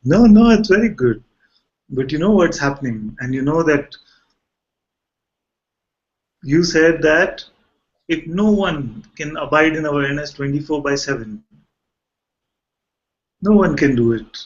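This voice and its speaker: A man teaching at a satsang, calm and repetitive, gently explaining. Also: fairly high pitch, unhurried, pauses often, dull audio. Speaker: spiritual teacher. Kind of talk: satsang dialogue.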